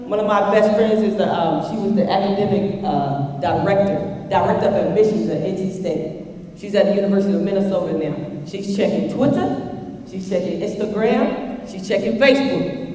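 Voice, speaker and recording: A woman's voice: medium pitch, brisk, warm tone. A woman telling a playful, joking story while speaking to students. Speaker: motivational speaker. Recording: echoey hall from far off.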